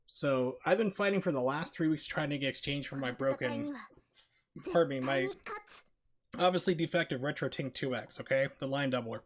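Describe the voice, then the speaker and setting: A man streaming a retro game, chatting casually in a rambling, filler-heavy way and quick to break into a rant. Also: mid-range voice. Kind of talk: casual live-stream chat while gaming. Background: game music.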